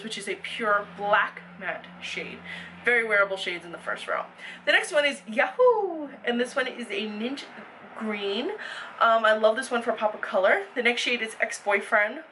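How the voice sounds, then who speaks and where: A woman's voice: fairly high pitch, sharp tone, distant mic, a little hiss or hum, rough recording. A woman giving a chatty, detailed makeup haul review, with fillers as she goes. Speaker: beauty vlogger.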